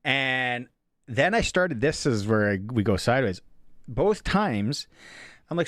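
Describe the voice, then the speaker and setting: Canadian man telling a lively sports story. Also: medium pitch, a little slow, dry recording, clean studio sound. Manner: animated storyteller, acts out quoted voices. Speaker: sports radio host. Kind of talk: casual radio talk, storytelling. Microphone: studio microphone.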